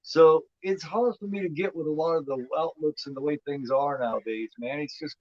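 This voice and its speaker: A man's voice: fairly high pitch, a little fast, no echo. Rambling fifty-year-old man, lo-fi. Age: 50s. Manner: rambling, repeats words, says "man" and "you know what I mean". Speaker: host. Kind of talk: casual movie commentary. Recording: dull lo-fi sound.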